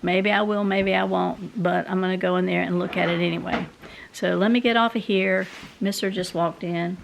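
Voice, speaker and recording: A woman's voice: lowish voice, steady tone, moderate pace, vocal fry, background noise. A woman, rambling casually to her viewers in a home vlog. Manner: chatty, rambling, talks to viewers directly. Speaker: vlogger. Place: home, indoors.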